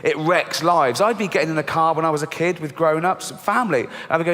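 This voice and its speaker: A man in his fifties with an English accent, performing a stand-up set in a dry, deadpan and crude manner. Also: on the high side, quick pace, few pauses. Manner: deadpan, dark and crude, acts out characters. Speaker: stand-up comedian. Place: theatre stage. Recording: reverberant hall, faint ambience.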